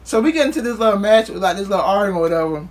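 A man's voice: sits high, animated, racing, slight background noise. A man vlogger telling a casual storytime in loose, profane street talk, acting out what others said.

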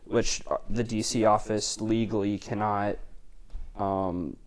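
A man's voice: on the low side, fairly even intonation, slow pace, clean tone. A young adult man, a podcast guest and intern, telling a story in casual chat with plenty of "like" fillers. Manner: chatty, lots of "like" fillers.

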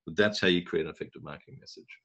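Man, low husky voice, webinar presenter, animated storyteller, frequent throat clearing. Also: very fast, lo-fi sound. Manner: animated storytelling, acting out dialogue. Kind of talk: marketing webinar talk.

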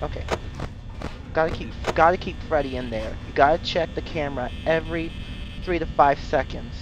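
A hoarse man with laryngitis playing a horror game and commenting as he goes, jumpy, shrieking and swearing when startled. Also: on the high side, moderate pace, lo-fi sound, noisy background. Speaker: gamer streaming a horror game. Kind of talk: let's play commentary.

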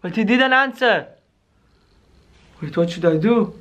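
A man hosting a scripted scary skit vlog, talking excitably to his viewers and constantly saying "yo" and "guys". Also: sits high, a little slow, long pauses. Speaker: YouTuber.

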